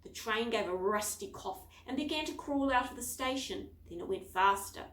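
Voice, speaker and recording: A woman reads her children's picture book aloud with animated storytelling, her pitch a little high and swinging widely. The echoey room rings around her voice. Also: moderate pace.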